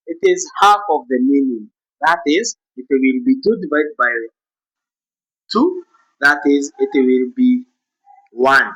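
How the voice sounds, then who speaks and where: A man's voice: on the high side, fairly bright tone, low-quality recording. A man teaching a beginners' music lesson, explaining note values step by step and chanting rhythm syllables aloud.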